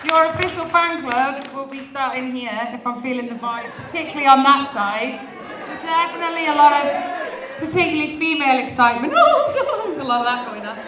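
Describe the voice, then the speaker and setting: Female MC, high pitch, playful crowd-teasing delivery, distant mic in a roomy venue. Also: fairly quick, background noise. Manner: bubbly, teasing the audience. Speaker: event host. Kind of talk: live event hosting. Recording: echoey hall, voice from a distance.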